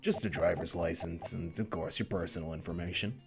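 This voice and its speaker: A man voicing a calm, teasing young deliveryman with a dry, deadpan delivery. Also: low-pitched, a little fast, vocal fry, music in the background. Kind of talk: visual novel voice reading.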